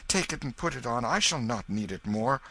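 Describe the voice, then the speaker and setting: A man voicing an imperious young boy king in an audiobook, with a higher, commanding voice. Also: expressive, brisk, pushed and bright. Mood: grateful. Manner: commanding, haughty boyish voice.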